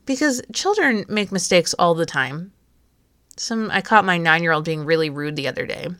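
A woman in her thirties talks the listener through a self-help exercise, gentle and coaching. Her voice sits a little low, and the sound is close and dry with no room around it. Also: lively intonation, moderate pace, dry recording. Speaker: podcast host. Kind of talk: encouraging self-help talk.

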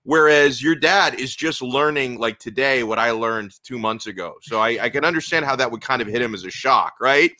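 A man in a casual chat who reasons things through in a measured, explaining way. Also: medium pitch, sharp tone, no room sound.

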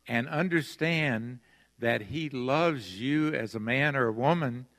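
An older man delivers a sermon to a congregation, earnest and emphatic, slowing to lean on his key words. His voice sits at an ordinary middle pitch. The sound rings with the long reverb of a large church sanctuary. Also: fairly bright tone. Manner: earnest, emphatic, with slow stressed phrases. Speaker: pastor.

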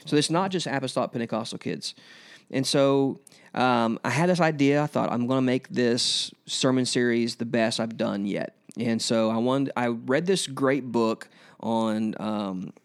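A man who preaches at a school chapel, telling an interviewer about his sermon series in an earnest way that turns emotional and animated. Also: mid-range voice, measured pace, clear, resonant tone. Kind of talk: casual interview storytelling.

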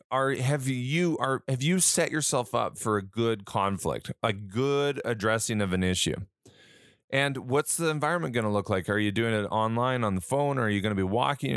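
A man's voice: mid-range voice, a bit bright, dry recording, studio quality. An adult man in a casual talk, telling stories with reported dialogue and asking the listener earnest rhetorical questions. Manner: conversational storytelling with reported dialogue. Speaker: speaker on handling conflict.

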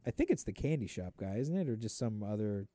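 A man's voice: fairly low pitch, sing-song, fast, warm tone, dry recording. A man hosting a podcast in casual chat, cursing a lot and rambling while acting out movie quotes. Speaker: podcast host.

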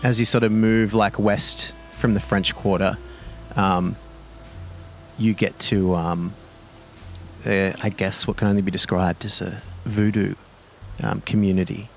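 A man's voice: fairly low pitch, fairly even intonation, unhurried, creaky, pauses often, soft background music. A man narrating a tabletop horror game as game master, in loose, filler-heavy narration.

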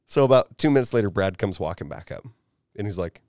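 A man's voice: fairly low pitch, quick pace, no room sound, clean studio sound. Profane man telling a wild story. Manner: profane, animated retelling with acted quotes. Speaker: podcast host. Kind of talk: casual storytelling chat.

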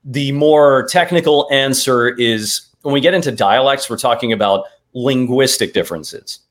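A man's voice: mid-range voice, moderate pace. A man, a dialect coach, explaining accent work step by step with examples in an interview. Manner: methodical, explains in steps with examples.

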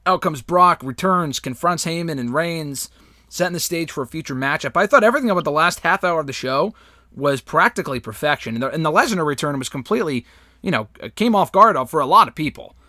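A man hosts a casual wrestling review chat with a fairly high voice. He is opinionated and swears casually. The recording is dry and close. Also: animated, a little fast, pushed and bright, no echo. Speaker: podcast host.

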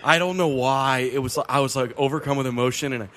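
A man's voice: mid-range voice, quick pace. A man hosting a casual beer podcast, telling a story and laughing often. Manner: laughing storyteller, lively delivery. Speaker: podcast host. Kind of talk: casual chat.

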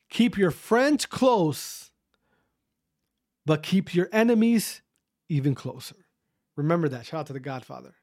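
Man, podcast host, blunt profane ranting, repeats himself, lively intonation. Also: a little high, no room sound, clean studio sound. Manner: emphatic, repetitive, profane, restarts often. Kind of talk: solo podcast rant.

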